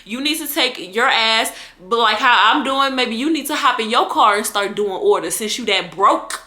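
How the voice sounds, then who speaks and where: A woman's voice: on the high side, lively intonation, moderate pace, sharp tone. A young woman ranting in a vlog about scamming customers, blunt, heated and profane with lots of slang. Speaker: vlogger and delivery shopper.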